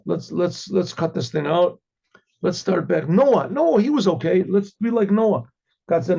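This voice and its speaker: A man, a rabbi teaching an informal class, who tells stories by acting out the dialogues and keeps clearing his throat. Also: sits high, animated, a little slow, mellow, lo-fi sound.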